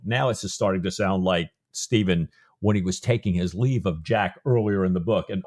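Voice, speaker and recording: A man co-hosting a book-discussion podcast with a fairly low voice. He talks casually, with frequent restarts, and plays out his own reactions to the plot as he goes. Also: moderate pace, darkish tone. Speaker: podcast co-host.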